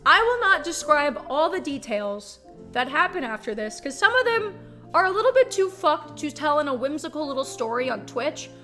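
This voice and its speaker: Young woman, high bright voice, animated casual storytelling, swearing, faint music behind. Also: moderate pace. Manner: animated, profane, peppered with "like". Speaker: streamer.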